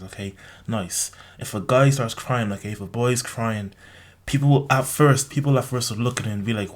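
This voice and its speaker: A man's voice: medium pitch, moderate pace. A young man giving a blunt, rambling opinion monologue in a casual vlog, constantly saying "like" and tagging on "okay?". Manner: rambling, heavy use of "like" and tag "okay?"; blunt, lecturing. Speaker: vlogger.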